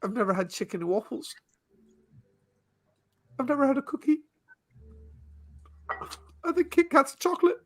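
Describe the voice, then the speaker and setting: A man's voice: very high-pitched, sing-song, moderate pace, long pauses, a bit bright, voice pushed up, exaggerated voice. A man mimicking his guest in an exaggerated, jokey mock accent.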